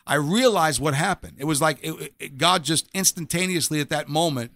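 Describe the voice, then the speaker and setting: A middle-aged man tells his faith story as an interview guest, earnest and emphatic, often doubling the first word of a phrase. His voice sits fairly high and has a gravelly, bright edge. The sound is dry, with almost no room echo. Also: normal speed. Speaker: guest sharing a faith testimony. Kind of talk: personal testimony in a conversational interview.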